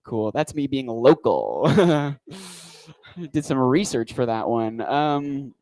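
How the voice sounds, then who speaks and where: A man's voice: medium pitch, animated, takes it slowly, a little mellow, no echo, rough recording. A man doing a stand-up comedy set on a club stage, talking into a handheld mic with a wry, rambling delivery.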